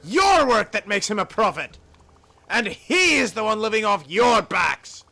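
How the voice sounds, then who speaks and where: A man's voice: high-pitched, sing-song, a little slow, vocal fry, bright, forceful tone, soft background music, pitched above the performer's own voice, full character voice. Brief: Scottish-accented union firebrand, rousing and declaiming, voiced by a man in a game. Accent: put-on Scottish. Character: fiery male union organizer rallying workers.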